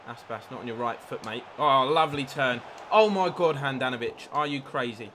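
A man live-streaming a football video game, commentating his own play, reacting loudly to chances and thanking new followers. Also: medium pitch, brisk, a little hiss or hum. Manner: excitable, swears at the game, reads out followers. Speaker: gaming streamer. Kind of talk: live gameplay commentary with chat.

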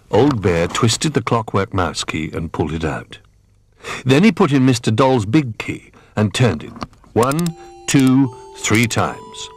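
A man reading a children's storybook aloud as narrator, gentle and unhurried. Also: fairly low pitch, slightly rough.

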